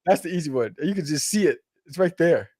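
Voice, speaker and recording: A man's voice: on the high side, expressive, brisk, a little mellow, no room sound, clean studio sound. A man appearing as a guest on a podcast, chatting casually, laughing often and joking loosely. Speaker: guest author. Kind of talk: casual chat.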